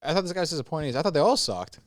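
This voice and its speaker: A man co-hosting a podcast in casual chat, laid-back and agreeable, quick to laugh. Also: a little high, animated, dry recording, studio quality. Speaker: podcast co-host.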